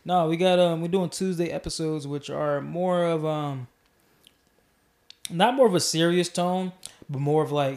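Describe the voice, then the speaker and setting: Podcast host guy rambling along, lots of ums and restarts, kinda high voice. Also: a little slow. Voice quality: mellow. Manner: rambling, many restarts and fillers. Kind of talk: casual podcast chat.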